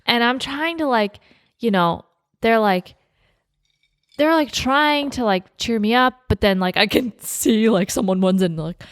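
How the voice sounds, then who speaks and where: A woman's voice: fairly high pitch, a little slow, no echo, studio quality. A young woman co-hosting a podcast, telling a story in casual chat with lots of "like" fillers and laughs. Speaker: podcast co-host telling her wedding story.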